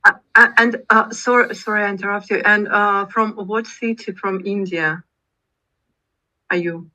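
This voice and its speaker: Slow, halting woman. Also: medium pitch, steady tone, pushed and bright, poor audio. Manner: halting, with many fillers and laughs. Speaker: speaking club member. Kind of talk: casual group chat in English.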